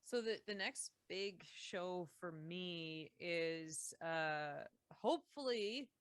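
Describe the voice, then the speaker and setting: Canadian woman, smooth low voice. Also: animated, slow pace, no echo. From Saskatchewan, Canada. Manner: chatty, many fillers and restarts. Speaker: musician guest. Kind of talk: casual podcast interview.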